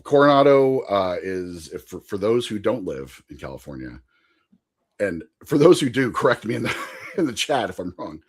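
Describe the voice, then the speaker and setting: A man's voice: sits low, slightly rough. A man chatting casually on a podcast, telling a long rambling story and laughing often. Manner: chatty with frequent fillers and asides.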